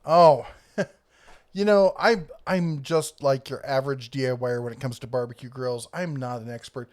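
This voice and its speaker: A congested man hosting a live tool show, casually reading viewer comments and giving relaxed advice. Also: medium pitch, fairly quick. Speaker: YouTube tool channel host. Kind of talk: casual live-stream chat.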